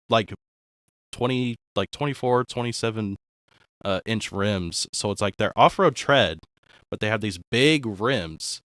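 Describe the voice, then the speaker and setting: A man chatting casually on a stream, low-key and often trailing off into quiet asides. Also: no room sound, studio quality. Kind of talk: casual chat.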